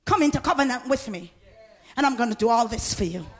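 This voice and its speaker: A woman preaching a sermon with fervor, laughing often and swinging from talk into shouts as she calls on the congregation. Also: on the high side, expressive, fast talker.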